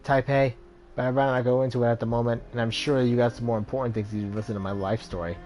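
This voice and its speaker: A smug male street dealer from a video game, cool and evasive, with a smooth way of talking, as a man reads him aloud. He keeps his composure and sounds pleased with himself. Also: medium pitch, level tone, quick pace, darkish tone, slight background noise, natural voice.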